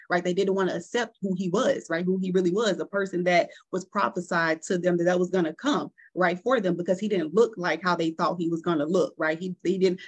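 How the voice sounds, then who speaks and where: A woman's voice: fairly low pitch, slightly rough. A young adult woman giving a conversational sermon, earnest and personal, often checking in with the listeners by asking "right?". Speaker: guest preacher.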